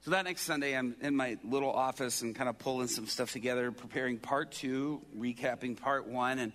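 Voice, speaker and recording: A man pastor telling a story from the pulpit, animated and acting out the people in it. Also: medium pitch, fairly quick. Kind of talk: storytelling sermon.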